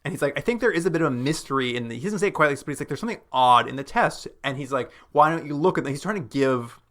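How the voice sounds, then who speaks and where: A man's voice: mid-range voice, lively intonation, a bit bright. Man retelling a film, acting out quotes. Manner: retells scenes with quick acted-out quotes, many "like" fillers. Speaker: podcast co-host. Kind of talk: casual film discussion.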